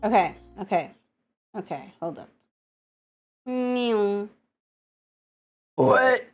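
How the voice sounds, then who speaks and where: A woman streamer with a cold, chatting casually and excitably with her chat, swearing and scolding them playfully. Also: mid-range voice, very slow, faint music behind. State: has a cold, coughing.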